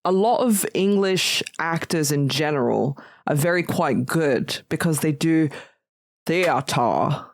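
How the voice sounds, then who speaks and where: A woman's voice: sits low, lively intonation, takes it slowly, no echo. A woman co-hosting a podcast in casual chat, hesitant and laughing, with many restarts. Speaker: podcast co-host.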